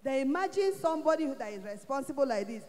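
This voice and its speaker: A Nigerian woman giving a church testimony, telling her story in an animated way and acting out what others said. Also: sits high, quick pace, big-room sound. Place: church hall.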